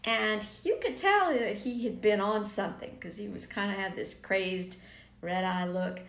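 A woman's voice: mid-range voice, a little slow. A woman telling a personal story in an earnest way, often falling to a near whisper and pressing hard on key words. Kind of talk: personal story told to viewers. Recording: echoey room, faint background noise.

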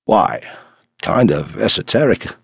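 A man's voice: fairly low pitch, animated, takes it slowly, gravelly, slightly rough, no room sound, studio quality, heavily acted. A man reading the part of a brash, talkative male journalist in an audiobook, eager and insistent.

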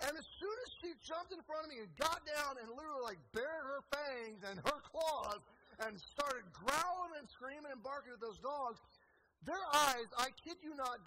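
Pastor guy telling a funny story in a sermon, gets loud and excited, noisy recording. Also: very high voice, big-room sound. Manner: animated, swings between quiet asides and loud excited telling. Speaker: assistant pastor, conference preacher. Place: church conference hall.

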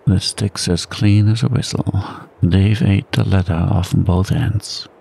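A man's voice: low voice, fairly even intonation, unhurried, vocal fry, mellow, slightly rough, heavily acted. A man doing a grumbling, stubborn old-time trail man. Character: grim stubborn male frontier dog-sledder.

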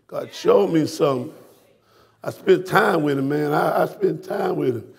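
A man, a pastor preaching a sermon, swinging between hushed talk and shouted lines that he repeats to the congregation. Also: fairly high pitch, unhurried, vocal fry, breathy edge. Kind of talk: fiery sermon. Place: church sanctuary.

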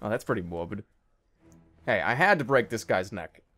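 A young man commentating a stealth game he is playing, jittery and excitable, with nervous laughs and yelps. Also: lowish voice, moderate pace, soft background music. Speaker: gaming video host. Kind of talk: let's play commentary.

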